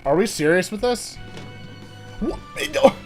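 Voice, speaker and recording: A young man chatting live on a game stream, excitable and swearing, laughing often and talking to his chat. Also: sits high, unhurried, soft background music.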